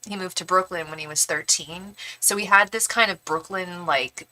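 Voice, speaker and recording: Chatty young woman, bright voice. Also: lowish voice, moderate pace. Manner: rambling, chatty, frequent restarts and "like". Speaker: tarot reader livestream host. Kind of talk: casual live-stream chat.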